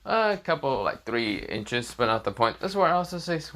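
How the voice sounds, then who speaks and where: A man's voice: medium pitch, sing-song, normal speed, few pauses, a bit bright, slight background noise. A man casually telling a fan story off the cuff, rambling and leaning on the same filler phrases. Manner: rambling, repeats fillers like "this is where, well, mostly".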